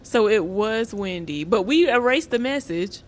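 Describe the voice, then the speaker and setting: A woman's voice: medium pitch, animated, measured pace. A woman streaming a game, reading in-game letters aloud with gasping reactions. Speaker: gaming streamer. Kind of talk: casual gameplay commentary.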